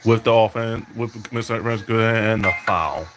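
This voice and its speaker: A man with a fairly low voice trash-talks his way through a basketball video game. He imitates an announcer's calls and taunts his opponent as he plays. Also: normal speed, over music. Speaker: podcast host playing a basketball video game. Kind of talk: trash-talking play-by-play over gameplay.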